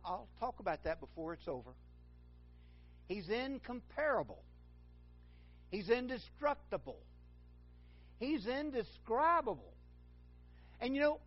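A man's voice: high-pitched, highs cut off. A man preaching a sermon, rambling and correcting himself, then building to fervent emphasis.

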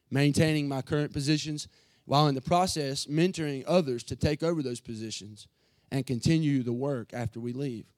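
A pastor preaching an emotional sermon from the pulpit, earnest and building to fervent passages. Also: male voice, mid-range voice, a little mellow, no room sound.

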